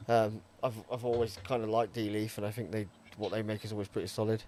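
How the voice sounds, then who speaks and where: A man hosting a casual live-stream panel. He rambles along in an easygoing, unhurried way, filling pauses with ums and restarts. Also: on the low side, little pitch movement, a little mellow, slight background noise. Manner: laid-back, rambling, frequent ums. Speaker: panel show host.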